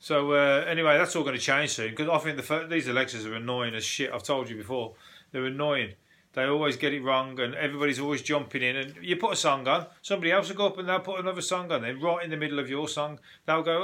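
A man rambles through the day's odd headlines, swearing freely and breaking into laughs. His voice sits a touch high and comes across bright and forceful. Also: fast talker. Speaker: podcast host. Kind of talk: casual news review chat.

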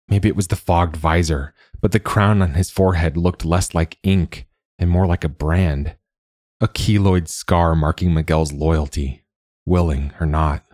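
A man narrating a story in a measured, steady way, like a scripted audiobook. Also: low-pitched, dry recording, clean studio sound.

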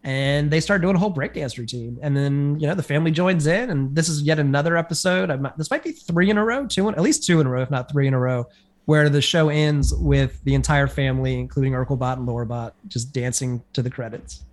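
Guy recapping an old sitcom ep, kinda high voice, lots of ums and uhs. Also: fast. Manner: rambling, filler-heavy retelling. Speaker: podcast co-host recapping an episode. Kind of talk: casual chat.

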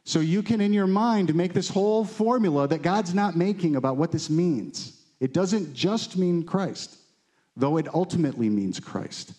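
Mellow-voiced man teaching a Bible study. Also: sits high, lively intonation, normal speed. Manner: conversational, asks the room questions, reads scripture aloud. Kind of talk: teaching sermon.

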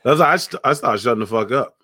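Male co-host, relaxed and slangy, dry sound. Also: mid-range voice, fast talker, no room sound. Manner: laid-back, slangy, affirming. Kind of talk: casual chat.

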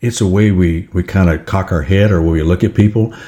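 A man's voice: low voice, brisk, dark tone. An older man gives a reflective motivational talk, telling a story and acting out its scenes.

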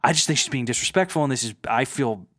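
A man casually retelling a reality show, with animated storytelling and mocking impressions of the people he quotes. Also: medium pitch, fast talker. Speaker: podcast co-host.

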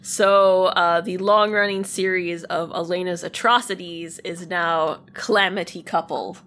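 A woman's voice: fairly low pitch, steady tone, a little slow, a bit bright. A woman co-hosting a podcast, chatting casually and retelling a listener's spooky story with lots of "like"s. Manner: chatty, filler-heavy with many "like"s. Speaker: podcast co-host.

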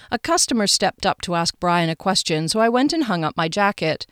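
A woman narrating a first-person novel as an audiobook, in a wry, expressive way. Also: medium pitch, a little fast, hardly any pauses, dry recording, clean studio sound.

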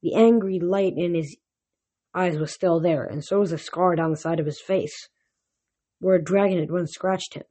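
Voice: mid-range voice, moderate pace, warm tone, slightly rough. Amateur audiobook reader with slips. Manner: first-person narration with frequent slips and restarts. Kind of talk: audiobook reading of a novel.

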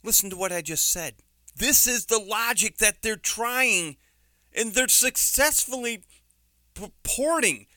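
Indignant New York man, lively and bright. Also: high voice, measured pace, no echo, clean studio sound. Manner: indignant, emphatic, sarcastic. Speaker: commentator. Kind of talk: opinion commentary monologue.

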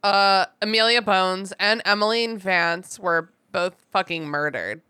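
Bright-voiced woman in casual podcast chat. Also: mid-range voice, a little slow, smooth. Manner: laughing, swearing, slips into goofy voices. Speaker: podcast co-host. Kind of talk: casual book-discussion chat.

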